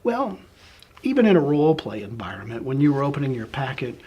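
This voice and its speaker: A man being interviewed, walking through a long hypothetical scenario in a relaxed, storytelling way and often checking in with "right?". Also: mid-range voice, fairly quick, muffled recording, slight background noise. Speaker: interviewee, business founder.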